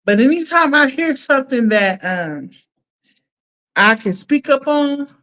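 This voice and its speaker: A woman's voice: high-pitched, a little slow. Laughing, slangy woman on a lo-fi live stream. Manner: animated, laughs often, slangy and blunt. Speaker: live streamer chatting with viewers. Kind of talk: casual live-stream chat. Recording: dull lo-fi sound.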